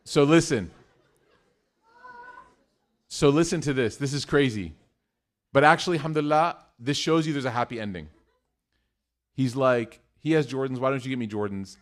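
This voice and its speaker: A middle-aged man giving a religious talk, telling a family story in an animated way, acting out quotes and using Arabic phrases. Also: medium pitch, moderate pace, long pauses. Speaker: Muslim speaker.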